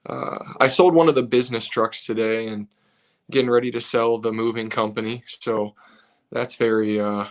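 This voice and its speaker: A man, a personal trainer, co-hosting a casual live stream, sounding tired and talking in a relaxed, rambling way. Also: mid-range voice, normal speed. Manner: relaxed, rambling, reads comments aloud.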